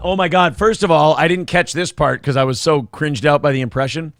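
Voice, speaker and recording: A man's voice: on the high side, fairly even intonation, fairly quick, a bit bright, no echo, studio quality. A man hosting a morning talk show, chatting casually with a sarcastic, mocking manner. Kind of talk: casual chat.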